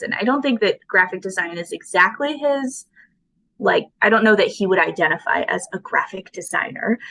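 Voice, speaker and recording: A woman's voice: medium pitch, fairly bright tone, poor audio. A woman, a guest potter on an interview podcast, talking casually and thoughtfully with frequent fillers.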